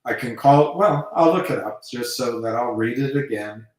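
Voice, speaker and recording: Guy rambling slowly on a live stream, lots of ums, far from the mic in a very echoey room. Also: medium pitch. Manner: rambling, hesitant, many fillers. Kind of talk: casual rambling talk.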